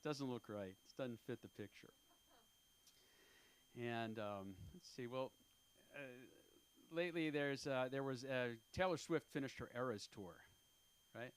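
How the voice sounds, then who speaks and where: A man in his fifties is doing an open-mic stand-up set on a comedy club stage, with a mid-range voice and a clean tone. His delivery rambles and pokes fun at himself, and he halts often with fillers.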